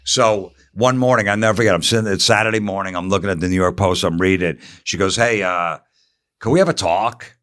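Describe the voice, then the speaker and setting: Blunt, low-voiced guy. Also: brisk. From New Jersey. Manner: blunt, profane, deadpan storytelling. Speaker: guest comedian. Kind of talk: storytelling on a podcast.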